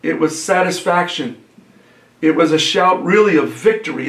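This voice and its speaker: A man's voice: fairly high pitch, a bit bright. Man preaching in an echoey room. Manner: earnest, unhurried preaching with fillers and repeated phrases. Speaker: pastor. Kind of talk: sermon.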